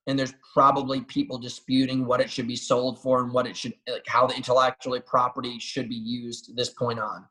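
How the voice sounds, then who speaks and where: A man and professional athlete talking as a guest on a casual podcast, telling animated, swearing, boastful stories. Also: medium pitch, a little fast, few pauses, low-quality recording. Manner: animated, profane, boastful storytelling.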